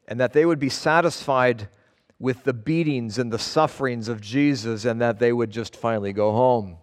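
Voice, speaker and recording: Man, pastor, sermon, earnest and emphatic, middle pitch, long hall reverb. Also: normal speed. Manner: earnest, emphatic preaching, stressing words one by one. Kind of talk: sermon, scripture reading with commentary.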